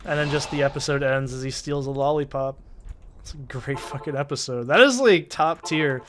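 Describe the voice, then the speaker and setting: A man's voice: medium pitch, normal speed. A man with a stuffy cold, casually rambling and swearing through gameplay commentary, heavy on "like" fillers. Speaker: gaming channel host.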